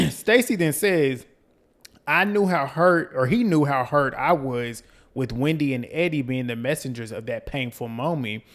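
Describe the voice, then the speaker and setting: Chatty Southern man recapping gossip. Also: medium pitch. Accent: Southern US, North Carolina. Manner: chatty, gossipy, quotes the cast in lively bursts. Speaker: reality TV recap host. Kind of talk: casual recap and commentary.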